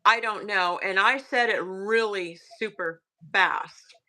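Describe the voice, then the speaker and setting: Southern woman, bright forward tone, halting hushed storyteller, lots of fillers. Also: medium pitch. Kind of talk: casual storytelling.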